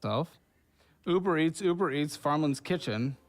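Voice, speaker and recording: A podcast co-host ribs his friend and reads out a list of purchases in a sing-song way. His voice sits a bit high and swings up and down as he talks. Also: lively intonation, measured pace. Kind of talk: casual podcast banter.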